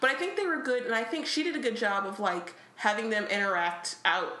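A woman's voice: a little high, big pitch swings, brisk, sharp tone, reverberant. A woman co-hosting a podcast, chatting casually about a book, with frequent laughs and fillers. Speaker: podcast co-host.

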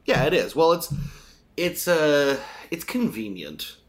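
A man's voice: on the high side, sing-song, slow pace. A man co-hosting a casual podcast chat, explaining things in detail and getting mildly exasperated. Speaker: podcast co-host.

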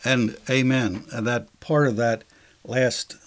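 A man co-hosting a casual Bible discussion, explaining passages conversationally with fillers and lively acted-out sarcastic lines. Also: mid-range voice, slow pace. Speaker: Bible study co-host.

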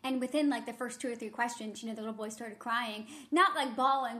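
A woman's voice: fairly high pitch, steady tone, a little fast, few pauses, fairly bright tone. A woman co-hosting a podcast, chatting casually and telling a story with lots of fillers. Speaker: podcast co-host. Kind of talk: casual chat.

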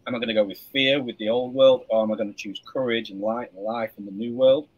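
A man co-hosting an interview show, speaking in a reflective, measured way. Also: mid-range voice, steady tone, narrow, tinny audio. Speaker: co-host. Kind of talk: casual conversational interview.

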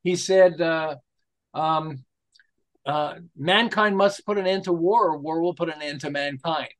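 A man's voice: on the high side, a little slow. A man in his sixties from the United States, an interview guest telling stories with laughs and rhetorical questions. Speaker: interview guest, marketing specialist. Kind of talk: enthusiastic casual interview talk.

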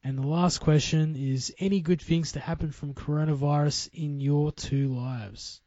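A man's voice: a little high, fairly even intonation, moderate pace, dark tone, no echo, lo-fi sound. A man from Australia co-hosting a casual chat, easygoing and full of slang. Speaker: podcast co-host.

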